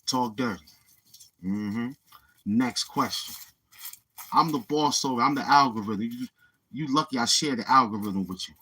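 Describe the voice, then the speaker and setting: A man's voice: medium pitch, measured pace, pauses often, bright, forceful tone, husky. A man with a New York accent hosting a livestream, boasting and taunting his chat in street slang. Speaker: livestream host. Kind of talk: live-stream trash talk.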